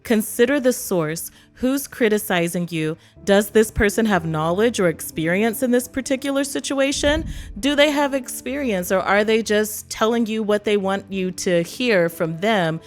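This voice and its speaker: Soft background music plays as a woman from East Texas chats to the camera in her vlog, her voice medium-pitched and her speed normal. She laughs a lot and performs quotes in different voices.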